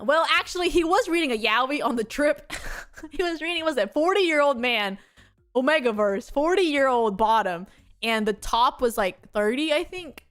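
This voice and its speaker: A young woman VTuber chatting casually on stream, telling stories in an animated way with lots of laughter. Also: a little high. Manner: animated storytelling with frequent laughter.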